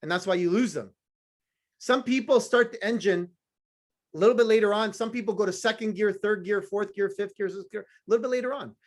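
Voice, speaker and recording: A man's voice: high-pitched, a little fast. A man giving a blunt, profane, fired-up motivational talk to a sales team, with punchy repeated phrases and teasing remarks to the audience. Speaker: motivational speaker.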